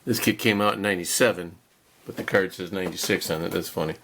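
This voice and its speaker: A man's voice: low-pitched, steady tone, fast, a bit bright, a little hiss or hum. A man casually narrating a model car kit unboxing, chatty and rambling, with self-deprecating chuckles.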